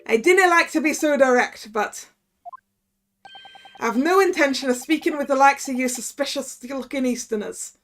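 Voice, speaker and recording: A woman's voice: sits high, moderate pace, fairly bright tone, a little hiss or hum. Woman doing a blustering Scottish prison governor. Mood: gruff, suspicious. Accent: put-on Scottish. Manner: blustering, suspicious, threatening. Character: gruff hostile male Scottish prison governor.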